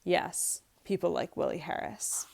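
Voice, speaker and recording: A woman's voice: on the low side, measured pace, vocal fry, a little mellow. Walter, a bitter young husband, read by a woman. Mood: angry, bitter. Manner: read aloud from a script, lightly acted.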